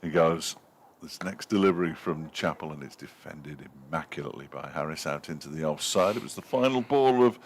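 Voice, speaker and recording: A man's voice: very deep voice, animated, a little fast, hardly any pauses, slight background noise. A man giving live ball-by-ball cricket commentary from a commentary box, lifting his voice to call the runs.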